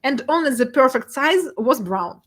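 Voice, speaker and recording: A young woman presents her work in a fairly high voice. She laughs often and speaks emotionally, with plenty of fillers and restarts. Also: expressive, normal speed, a little hiss or hum. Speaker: guest speaker, data artist. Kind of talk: presentation talk.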